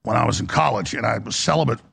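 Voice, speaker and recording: A man on a radio talk show launches into a fervent, preachy monologue, speaking fast. His husky, gravelly voice is a bit bright and shifts between high and low.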